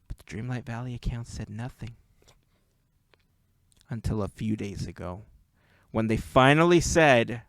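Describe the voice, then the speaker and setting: A man's voice: medium pitch, smooth, no echo. A man hosting a podcast, chatting casually and telling stories with easy laughs. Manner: chatty, laughs easily, drawn-out storytelling. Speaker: podcast host. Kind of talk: casual chat.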